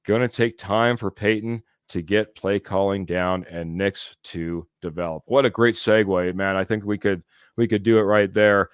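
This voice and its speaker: A man hosts a live sports podcast, reading out viewer comments and chuckling along as he goes. His voice sits on the low side and sounds smooth and resonant. The sound is dry and close to the mic. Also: fairly even intonation, normal speed, dry recording. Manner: chatty, laughs often, reads comments aloud. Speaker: podcast host.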